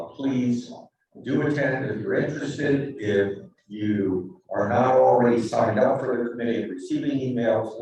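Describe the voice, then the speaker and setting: A low-voiced man makes a polite, inviting meeting announcement. His voice sounds muffled and distant, echoing through a large room. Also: dark tone. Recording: dull echoey room, from afar.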